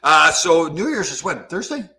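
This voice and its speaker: A man's voice: a little high, normal speed. A man in his sixties hosting a podcast, telling stories in casual chat and laughing easily. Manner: storytelling, laughs easily, animated. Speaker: podcast host.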